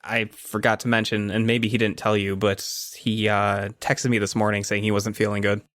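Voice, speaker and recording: A man voicing a sarcastic teenage girl with a deadpan, teasing delivery. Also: on the low side, normal speed, no room sound, studio quality, natural voice.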